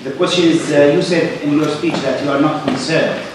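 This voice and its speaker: A man moderating a panel, asking questions haltingly with many fillers. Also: fairly high pitch, steady tone. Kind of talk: panel discussion. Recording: echoey hall, distant mic, loud noise.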